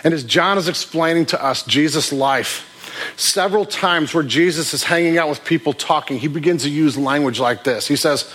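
A man preaching a sermon, his voice sitting a little high for a man. He talks to the congregation in a loose, conversational way and often restarts his phrases mid-thought. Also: moderate pace, fairly bright tone. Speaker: pastor.

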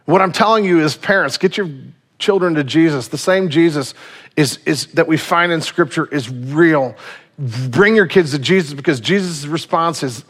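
A man in his thirties preaching a sermon, lively and conversational, acting out the people in his stories. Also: fairly high pitch, normal speed. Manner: animated storytelling, acting out quotes. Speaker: pastor.

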